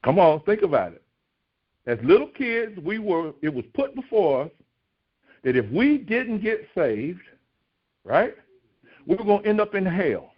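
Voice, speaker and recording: A man preaching a recorded devotional sermon, asking rhetorical questions and pushing his voice high when he acts out pleas. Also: big pitch swings, a little slow, pauses often, husky. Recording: dull lo-fi recording.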